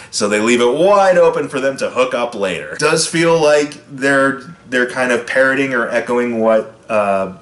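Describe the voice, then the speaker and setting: A man's voice: mid-range voice, fairly quick, hardly any pauses, fairly bright tone, roomy sound. A man casually reviewing a film, talking loosely with lots of fillers and restarts. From United States. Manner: chatty, loose, frequent fillers and restarts, brief impressions of lines.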